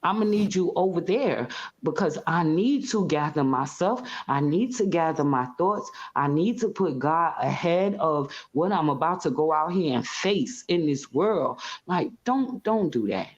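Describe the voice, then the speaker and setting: A woman guest in a casual interview, telling her story in an animated, expressive way and acting out scenes. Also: low-pitched, measured pace. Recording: slightly muffled audio.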